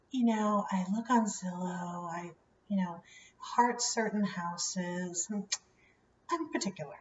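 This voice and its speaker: A woman tells a personal story in a relaxed, chatty vlog, slipping in fillers and acting out what others said. She sits a little away from the mic, so her voice comes through roomy and slightly muffled, with a faint hum behind her. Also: medium pitch, far from the mic. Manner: chatty, many "you know" fillers, animated quoting. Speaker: vlogger. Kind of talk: casual storytelling to camera.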